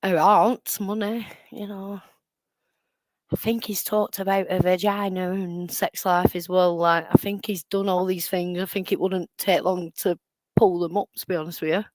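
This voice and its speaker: A woman's voice: lowish voice, fairly even intonation, moderate pace, dry recording. A woman hosting a live stream, chatting casually and sarcastically as she comments on clips. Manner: chatty, sarcastic, laughs often.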